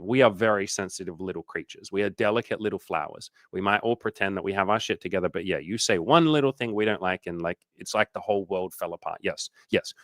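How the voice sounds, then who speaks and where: A man's voice: low voice, a bit bright, no echo. A man working as a dating coach, answering questions on a casual livestream in a candid, loose way, swearing freely and using lots of fillers.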